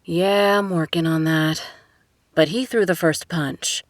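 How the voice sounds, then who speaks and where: Woman doing a soft-spoken young rich guy, low and hushed, dry sound. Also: steady tone, measured pace, no echo, lightly acted. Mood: tender. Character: billionaire young man, guarded, tender.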